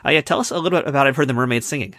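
American guy hosting a podcast, talks quick, bright voice, dry close sound. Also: mid-range voice, no room sound. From United States. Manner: enthusiastic, complimentary interviewer. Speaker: podcast host. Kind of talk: casual interview chat.

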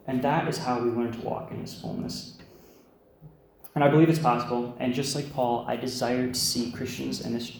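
A man's voice: mid-range voice, steady tone, normal speed, creaky, slight background noise. A young man giving his first sermon in a church, earnest and heartfelt, with frequent ums and restarts. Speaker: preacher. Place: church sanctuary. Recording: echoey church room with faint ambience.

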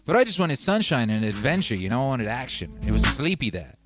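A man's voice: mid-range voice, sing-song, fairly quick. A man from Wales, chatting casually as a livestream host in a loose, meandering way full of "you know" and "like.". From North Wales. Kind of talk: rambling casual livestream chat. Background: music.

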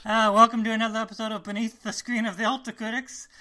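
A man's voice: high-pitched, level tone, fast talker, pushed and bright. A man hosting a podcast, loose and self-deprecating, laughing as he talks. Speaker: podcast host. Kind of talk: casual chat.

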